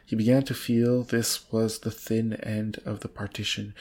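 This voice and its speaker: Man, gravelly voice, reads aloud, trips on words, amused. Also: on the low side, level tone, a little slow, darkish tone. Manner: stumbling, amused, laughs at the text. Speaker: reader. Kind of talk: reading a book aloud with banter.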